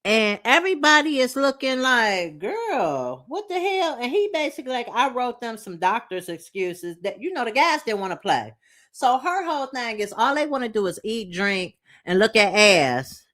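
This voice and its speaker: A woman's voice: fairly high pitch, expressive, moderate pace, a bit bright. A woman from Detroit giving a blunt, profane, slangy casual recap of a reality TV episode.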